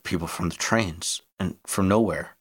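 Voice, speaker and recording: A man's voice: deep voice, measured pace, slightly rough. A man playing a blunt frontier lawman. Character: plain-spoken wary male frontier lawman.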